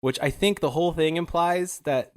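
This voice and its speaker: A man's voice: a little high, normal speed. A young man hosting a podcast, narrating history in a loose, wry way with plenty of fillers and small laughs. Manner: casual and wry, with many fillers and chuckles. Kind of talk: casual chat.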